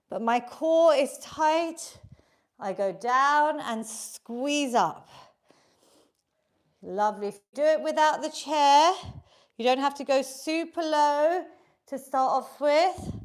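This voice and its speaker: A woman with a high, bright-pitched voice coaches a live online workout class. She talks at an unhurried, measured pace, and her cues stay upbeat and encouraging. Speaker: fitness instructor.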